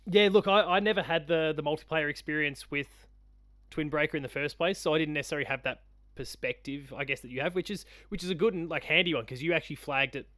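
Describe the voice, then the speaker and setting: A man's voice: on the high side, quick pace, sharp tone, no echo, clean studio sound. A man co-hosting a casual game review chat, speaking in a chatty, joking way. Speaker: podcast co-host.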